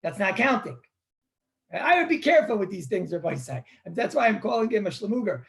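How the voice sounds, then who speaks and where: Rabbi, man, throat-clearing online class. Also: sits high, very animated, a little fast. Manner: conversational, repeats words, clears throat often. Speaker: rabbi teaching Jewish law. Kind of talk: live online Torah class.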